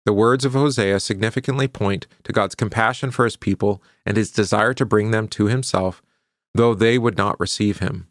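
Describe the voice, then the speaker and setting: Male pastor, middle-aged, low voice, dry close sound; reads scripture, then teaches with casual asides. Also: steady tone, normal speed, no echo. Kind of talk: Bible study teaching with scripture reading.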